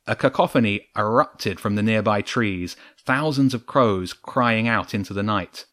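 A man with a fairly low voice narrating a storybook, steady and measured in his delivery. He reads scripted prose with even control through the action. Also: no echo, studio quality.

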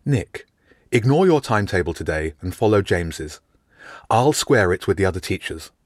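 A man reading an audiobook, voicing a jovial middle-aged woman housemaster who talks briskly and formally. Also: low-pitched, big pitch swings, no room sound, clean studio sound.

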